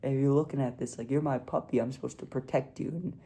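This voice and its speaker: A young man tells a story to his vlog audience in an easygoing way, tossing in "dude" and "like" as he goes. His voice is gravelly and dark, sitting at an ordinary pitch. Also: fairly even intonation, fast. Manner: laid-back, peppers talk with "dude" and "like". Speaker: vlogger.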